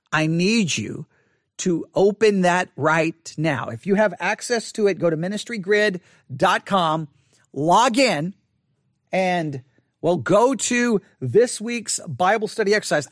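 Male Bible teacher, high voice, dry close sound, earnest and repetitive, online lesson. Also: no echo. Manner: repetitive, earnest, restarts and emphatic slow repeats.

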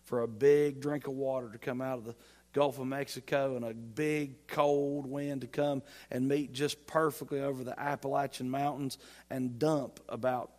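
A man preaching a sermon as pastor, folksy and playful, swinging between loud emphatic lines and quiet asides. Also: medium pitch. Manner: folksy humor, playful mock dialogue.

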